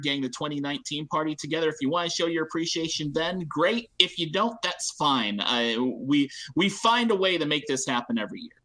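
Easygoing podcast guy, bright edgy tone, kinda high. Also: poor audio. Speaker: podcast guest. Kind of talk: casual podcast chat.

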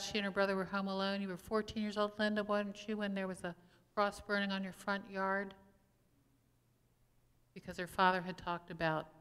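A woman's voice: lowish voice, a bit bright, clear, resonant tone. A woman pastor giving a conversational sermon, asking the congregation questions as she goes. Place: church sanctuary. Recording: long church reverb.

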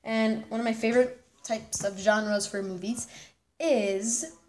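A woman's voice: a little high, steady tone, measured pace. A nineteen-year-old woman chatting casually in a vlog, bubbly and rambling, often restarting her sentences. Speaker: vlogger.

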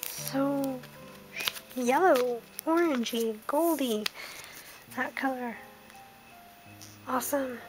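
A young woman in her twenties from the United Kingdom, murmuring card names one by one in a soft list and reacting with small bursts of excitement as she opens packs. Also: high-pitched, drawn-out words, long pauses, over music, poor audio. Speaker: card-opening vlogger. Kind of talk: casual card-opening commentary.

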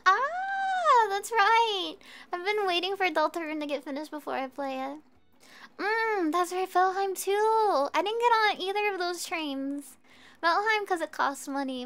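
A woman streamer chatting casually with viewers while she plays a game, bubbly and quick to giggle. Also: very high-pitched, faint music behind. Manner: bubbly, giggly, easily excited. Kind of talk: casual gameplay chat.

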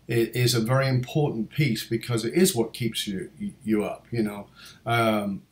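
A male podcast host chatting casually in an interview. He talks in a meandering way, with many fillers and restarts. His voice sits at a middling pitch, and the room around him sounds echoey. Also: steady tone, normal speed.

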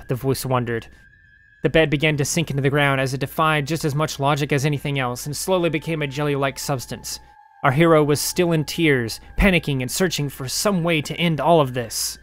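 A man hosting his channel and narrating his own short story in an animated, casual way. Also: a little high, a little fast.

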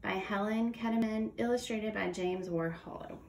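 A woman's voice: medium pitch, normal speed, gravelly. A woman reading a children's picture book aloud in a folksy storytelling way. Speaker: storybook reader. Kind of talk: children's read-aloud narration. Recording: echoey room with faint noise.

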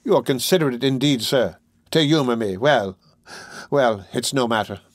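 A man's voice: medium pitch, normal speed, dry recording, close to an everyday voice. Fearful young woman full of dread, read by a male narrator, dry close audiobook sound. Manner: urgent, fearful pleading.

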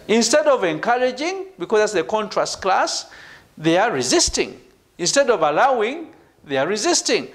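Male university lecturer, PhD seminar, high voice, very animated intonation, emphatic stresses. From Uganda. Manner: repeats "ladies and gentlemen" and "right?", emphatic stresses on key words.

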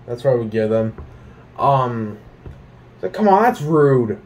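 A man's voice: mid-range voice, measured pace, dull audio. A young man from Canada ranting casually about things he hates, swearing often and filling with "like" and "um". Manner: profane, animated ranting with many fillers. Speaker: vlogger.

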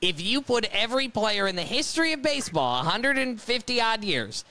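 Bright-voiced male podcast co-host. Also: very high-pitched, big pitch swings, brisk, no echo. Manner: explains stats with emphatic build-up. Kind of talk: casual chat.

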